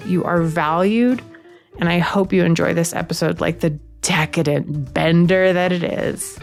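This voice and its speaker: A woman hosting a comedy podcast, talking in a playful, teasing way that swings between bold asides and hushed confessions. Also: fairly low pitch, measured pace, creaky, faint music behind. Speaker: podcast host. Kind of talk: comedic podcast monologue and panel chat.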